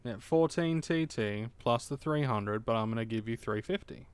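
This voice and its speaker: Smooth-voiced man muttering through a game stream. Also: medium pitch, normal speed, no echo. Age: late 20s. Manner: chatty, swearing, muttering to himself. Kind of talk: casual gaming livestream commentary.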